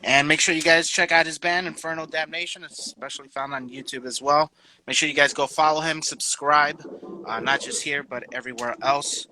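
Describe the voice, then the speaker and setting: A man's voice: a little high, steady tone, fairly quick, pushed and bright, rough recording. A man hosting a casual interview show, hyped and slangy, calling his guest bro and dude and repeating words as he talks. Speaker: host. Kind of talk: casual chat.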